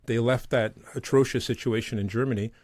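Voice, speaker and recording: A man's voice: brisk, no room sound, studio quality. A middle-aged man from Montreal, a guest telling stories in easygoing conversation and acting out the people he quotes. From Montreal, Canada. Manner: animated, acts out quoted voices in a higher pitch. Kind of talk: conversational storytelling.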